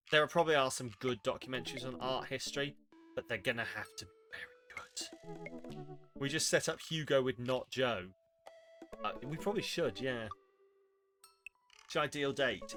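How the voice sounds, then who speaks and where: Guy streaming, reading game text and snarking at it, bright punchy voice. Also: medium pitch. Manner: wry and sarcastic, reading lines aloud and reacting. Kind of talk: casual commentary while reading a game aloud.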